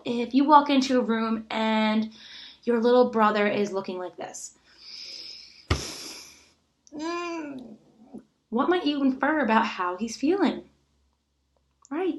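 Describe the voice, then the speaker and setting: A woman teacher recording an online lesson for children, animated and full of gasps and rhetorical questions. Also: on the high side.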